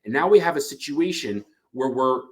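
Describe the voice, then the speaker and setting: A man's voice: mid-range voice, moderate pace. A man, a couples therapist, giving an explanatory lecture and acting out short example dialogues. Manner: animated, acts out example dialogue.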